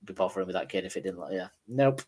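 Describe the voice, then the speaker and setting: Low-pitched and darkish in tone, this Northern English podcast co-host talks very fast. His chat through listener messages is casual and easygoing, full of swearing and self-mockery.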